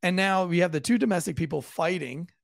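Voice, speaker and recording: Gravelly, profane police officer spinning a yarn. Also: male voice, high-pitched, brisk, no echo. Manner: profane, lively, acts out quoted voices. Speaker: police officer telling a story on a podcast. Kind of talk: casual storytelling.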